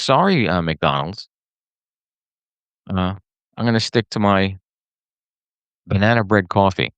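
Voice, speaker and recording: A man's voice: lowish voice, takes it slowly, pauses often, smooth, no echo, muffled recording. A man hosting a podcast, ranting casually to camera with lots of fillers and restarts. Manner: animated, rambling with many fillers and restarts. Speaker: podcast host. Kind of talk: casual solo rant to camera.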